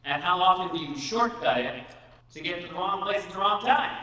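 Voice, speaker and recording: An energetic man delivers a conference talk with a bright, forceful voice that sits a little high. He keeps tossing questions out to the audience. The sound comes from a distance and rings around a large, echoing hall. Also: fairly quick. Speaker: conference speaker. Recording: echoey hall from far off.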